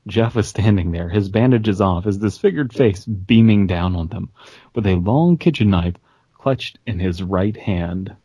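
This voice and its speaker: Low, husky man reading aloud wryly. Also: measured pace, mellow, no room sound. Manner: wry, laughs often. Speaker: podcast co-host. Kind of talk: joking read-aloud of a creepy story.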